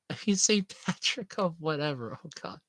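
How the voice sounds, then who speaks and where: A woman's voice: deep voice, moderate pace, dry recording. A young woman chatting casually with viewers, telling stories and often breaking into laughter. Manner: giggly, animated storytelling with frequent laughs. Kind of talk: casual chat.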